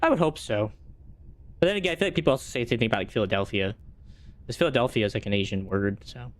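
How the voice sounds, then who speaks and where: A man's voice: medium pitch, expressive, rapid-fire. A young man streaming a game, chatting casually with his viewers and thinking aloud in a rambling way. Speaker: gaming streamer. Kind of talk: casual live-stream chat while playing.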